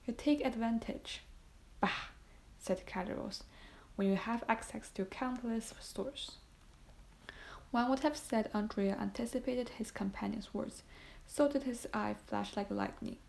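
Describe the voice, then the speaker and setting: A woman's voice: on the high side, a little slow, creaky, a little mellow. A woman reading a classic novel aloud as audiobook narration, voicing the dialogue in much the same voice, with small slips. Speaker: audiobook reader.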